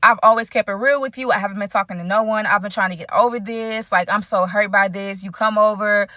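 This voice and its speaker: A woman's voice: mid-range voice, steady tone, fast talker, sharp tone, no room sound, close to an everyday voice. A woman voicing an angry, hurt young ex-girlfriend who makes accusations and demands in a dry, close recording. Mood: hurt, accusing.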